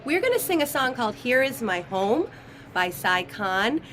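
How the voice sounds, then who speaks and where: A woman guest singer chatting in a friendly, relaxed way with light fillers, introducing a song. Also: fairly high pitch, moderate pace. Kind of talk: casual chat. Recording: faint background noise.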